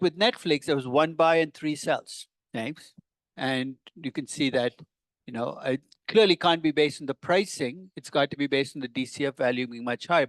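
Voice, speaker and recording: A man's voice: mid-range voice, dry recording. An older man, a professor giving a conversational classroom lecture with wry, teasing asides to his students.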